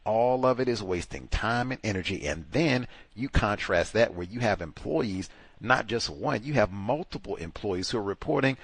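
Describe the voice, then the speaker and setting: Man, host, low voice, emphatic, animated, dry close sound. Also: moderate pace, husky, no echo. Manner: animated, emphatic, acts out other people mockingly. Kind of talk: call-in advice talk show.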